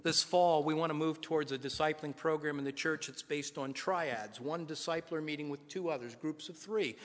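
A pastor with a bright, fairly high-pitched voice preaches a sermon in a reverberant hall. His delivery is earnest and conversational, and he uses rhetorical questions.

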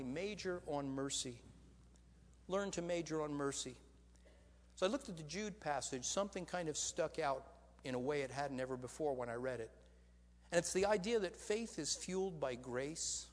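A man preaching a sermon as pastor, animated and asking the congregation rhetorical questions. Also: a little high, long reverb tail. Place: church.

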